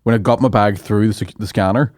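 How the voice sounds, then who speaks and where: Brief: man, comic guest, rambling sweary storyteller, lowish voice, dry sound. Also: fairly even intonation, fast, a little mellow, no echo. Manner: laughing, sweary, rambling anecdotes. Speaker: comedian guest. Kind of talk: casual chat, storytelling.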